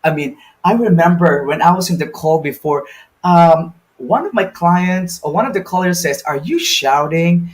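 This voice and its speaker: A man's voice: a little high, normal speed. A young adult man with a Filipino accent, teaching an online lesson in a loose, chatty way with many fillers and asides. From Philippines.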